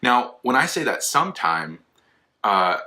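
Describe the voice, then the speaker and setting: A man in his thirties from California, a philosophy teacher giving a casual lecture, animated and acting out quoted voices with many restarts. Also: mid-range voice, a little slow.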